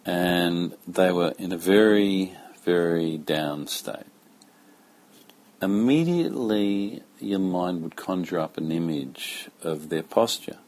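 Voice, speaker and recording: A man giving a slow, calm spoken lesson as a yoga teacher, talking in a measured, deliberate way with pauses. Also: sits low.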